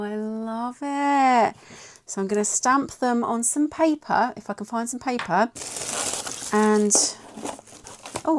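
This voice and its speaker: A middle-aged woman with an English accent talks in a casual, chatty vlog. She is excitable and gushing, with a voice of ordinary pitch. A faint noise sits behind her. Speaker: vlogger.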